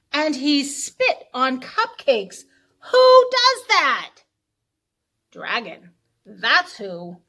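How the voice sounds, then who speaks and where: A woman librarian reading a picture book aloud to children in a playful, animated storytelling voice. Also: high-pitched.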